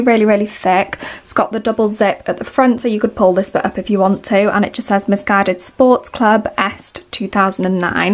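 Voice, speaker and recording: A young woman with a British accent in her twenties, chatting casually to camera as a lifestyle vlogger, rambling and upbeat. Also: medium pitch. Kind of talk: casual vlog chat to camera.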